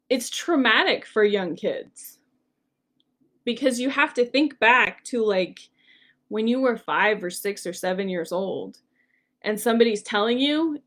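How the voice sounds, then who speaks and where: A young adult woman coach teaching a workshop lesson in a casual, chatty storytelling way, full of "like" and "um". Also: a little high. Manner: chatty, frequent "like" and "um". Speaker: personality coach leading a workshop.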